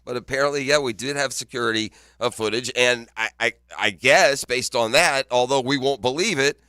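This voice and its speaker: A man's voice: medium pitch, moderate pace, sharp tone, smooth, dry recording, clean studio sound. A man co-hosting a morning sports radio show, chatting casually, teasing and laughing often. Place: radio studio. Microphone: studio microphone.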